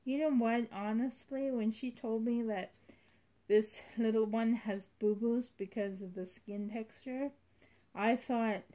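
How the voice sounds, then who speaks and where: A woman's voice: a little high, fairly even intonation, measured pace. A woman vlogging about her doll collection in a rambling, heartfelt way. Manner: rambling, heartfelt, soft-spoken. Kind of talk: casual vlog chat.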